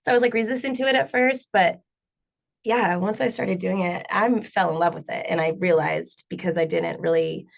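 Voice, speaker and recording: A woman singer and bassist chatting in an interview, rambling with lots of fillers. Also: steady tone, moderate pace, gravelly. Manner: rambling, many fillers, laughs often. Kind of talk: casual interview chat.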